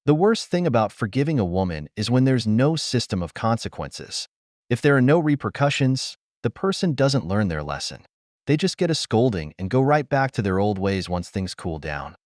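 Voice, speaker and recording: A man's voice: on the low side, darkish tone, no room sound, studio quality. A man giving scripted reaction commentary, preaching to viewers he calls brothers.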